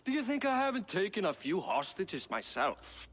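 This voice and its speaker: A man's voice: very animated, moderate pace, a bit bright, in a large hall, exaggerated voice. An actor playing a jovial, hard-drinking Irish king who teases and laughs as he talks, in video game dialogue. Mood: teasing. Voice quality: booming, laughing, teasing.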